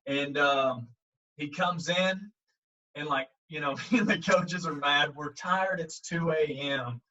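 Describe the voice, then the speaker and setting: Man coach telling a story, bright punchy voice, lots of "like" and "you know", kinda far from the mic, dull audio. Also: a little high, slow pace. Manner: animated, acts out quotes, frequent fillers. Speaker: baseball coach. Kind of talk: casual storytelling in an interview. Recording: muffled audio, speaker set back from the mic.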